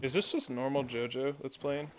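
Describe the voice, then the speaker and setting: A man's voice: mid-range voice, normal speed, a little hiss or hum. A man chatting casually while playing a building game, rambling through side stories with plenty of fillers. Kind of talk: casual gameplay chat.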